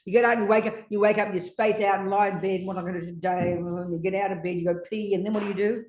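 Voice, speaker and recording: A woman's voice: mid-range voice, fairly even intonation, fast, darkish tone, a little hiss or hum. Blunt, swearing older woman teacher. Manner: brusque, confrontational, swears freely. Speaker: Buddhist teacher. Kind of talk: blunt teaching exchange with a student. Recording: echoey teaching room.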